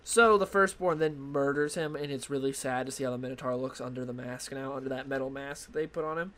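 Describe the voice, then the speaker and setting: A man's voice: medium pitch, a little fast, a bit bright. A young man rambling loosely through a comic book review, full of fillers and restarts, talking into a desk microphone. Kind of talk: casual solo review talk.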